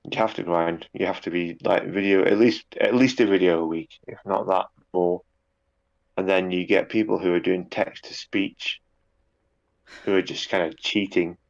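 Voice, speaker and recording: A man's voice: deep voice, steady tone, normal speed, creaky, muffled recording. A man chatting casually in an interview, rambling a little with repeated words and fillers. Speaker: guest, YouTube narrator.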